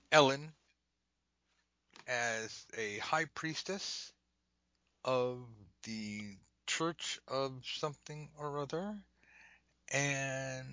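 Animated man riffing comic stories. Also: a little high, no echo, lo-fi sound. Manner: animated, laughs often, jumps into silly voices. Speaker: podcast co-host. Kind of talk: improvised comic storytelling game.

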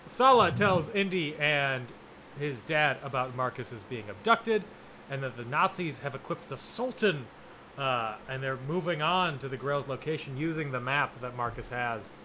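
A man's voice: mid-range voice, moderate pace, a little hiss or hum. A man co-hosting a podcast, casually recapping a film plot with jokes and fillers. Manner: joking, lively recapping with fillers. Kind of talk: casual chat.

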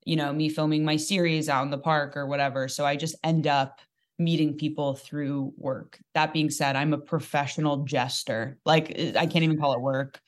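A young adult woman comedian telling a dating story in casual podcast chat, animated and joking, with quick asides. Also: deep voice. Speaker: comedian guest.

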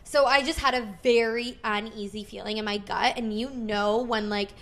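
Woman, thirties, podcast host; chatty storyteller, lots of "like", slightly high pitch. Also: moderate pace. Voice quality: frequent "like" fillers, animated retelling with quoted dialogue. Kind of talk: casual storytelling chat.

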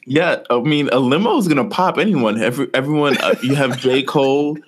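A man's voice: mid-range voice, a little fast. A man co-hosting a podcast, casually rambling through a story with lots of fillers. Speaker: podcast co-host. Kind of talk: casual chat.

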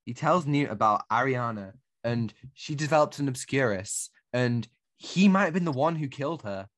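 A man's voice: medium pitch, animated, moderate pace, a bit bright, no room sound, studio quality. A man co-hosting a casual film review podcast, critiquing with exasperated, ranting energy. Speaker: podcast co-host.

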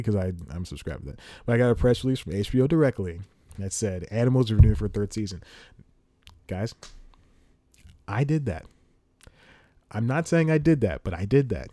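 A man hosts a solo comedy podcast and rants with real heat, wandering off on tangents and chuckling at himself. His voice sits a little low, with a mellow, soft-edged tone. The sound is dry and close, with no room around it. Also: no room sound. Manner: fired-up ranting, rambling tangents, self-mocking laughs. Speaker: podcast host.

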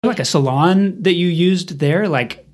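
Female interviewer, very low voice, supportive, asks follow-ups. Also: a little slow. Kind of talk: casual interview.

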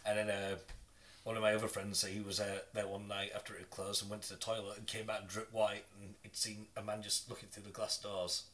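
A man hosting a podcast, telling stories in casual chat, animated and laughing often, with plenty of swearing. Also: lowish voice, a little fast. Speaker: podcast host.

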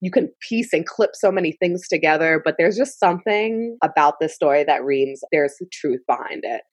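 A woman's voice: sits low, animated, normal speed, no room sound. A woman co-hosting a casual gossip podcast, blunt and sarcastic with plenty of swearing. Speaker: podcast co-host.

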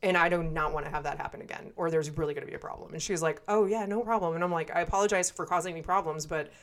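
A fairly low-pitched woman in her twenties tells a story with blunt, profane energy. She acts out both sides of the exchange as she goes, in a relaxed podcast style. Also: very fast. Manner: blunt, heavy swearing, acts out quoted dialogue. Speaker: podcast co-host. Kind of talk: casual storytelling.

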